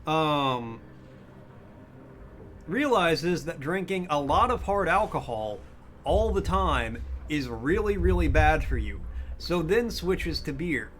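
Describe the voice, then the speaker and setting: Young male streamer, casual, self-amused, slightly high voice. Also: animated, takes it slowly, a bit bright, a little hiss or hum. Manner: chatty, self-amused, thinks aloud. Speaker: game streamer. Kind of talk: casual let's-play chat.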